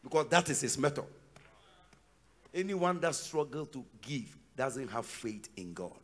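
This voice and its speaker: A man with a Ghanaian accent preaching a sermon in church, breaking into shouts and sing-song cadences. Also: medium pitch, very animated, measured pace. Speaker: pastor.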